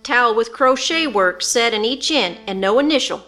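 A woman reader puts on a fussy older small-town woman who turns into an eager auctioneer, her bright, high calls climbing as she pushes for bids. Soft guitar plays under this storybook reading. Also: expressive, moderate pace.

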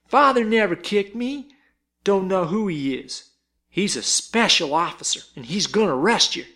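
A man's voice: high voice, expressive, moderate pace, pushed and bright, voice pushed up. A man voicing a small, scornful bootblack boy who speaks in a firm, piping voice.

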